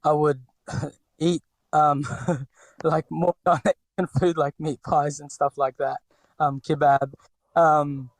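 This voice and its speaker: A man's voice: on the high side, little pitch movement, takes it slowly, dry recording. A man in his forties from the Philippines with a light Filipino accent, talking as a podcast guest in a hesitant way with many fillers and restarts. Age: 40s. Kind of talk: podcast interview.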